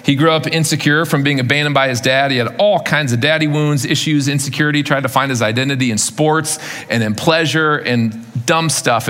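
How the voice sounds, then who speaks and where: A man's voice: mid-range voice, a bit bright. A male pastor preaching a sermon to his congregation in a church, in a conversational way that mixes rhetorical questions with vivid retelling. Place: church sanctuary. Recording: long reverb of a large hall.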